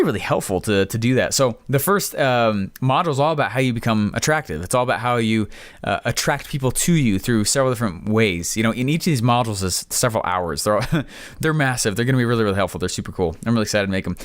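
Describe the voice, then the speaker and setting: Excitable male host, mid-pitched, rambling casual monologue, dry close sound. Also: fast talker, dry recording. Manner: rambling, filler-heavy, excitable. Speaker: podcast host.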